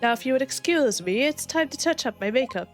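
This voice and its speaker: A woman's voice: high-pitched, expressive, fairly quick, faint music behind, voice pushed up. A woman reading a vain, pompous male dandy from a game in a theatrical, haughty manner. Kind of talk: fan voicing of game dialogue.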